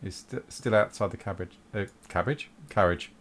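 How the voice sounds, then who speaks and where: A man running a tabletop role-playing game, calmly making rulings and correcting himself. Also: lowish voice, normal speed. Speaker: game master.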